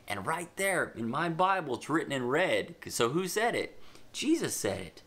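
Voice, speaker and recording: With a fairly high-pitched voice, this man leads a Bible lesson for children, bringing the story to life through animated emphasis and offhand asides. He slows his pace whenever he dictates notes.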